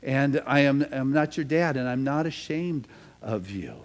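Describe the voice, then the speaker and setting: A man voicing a kind, calm wise man who speaks in a gentle, reassuring way. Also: mid-range voice, moderate pace, natural voice.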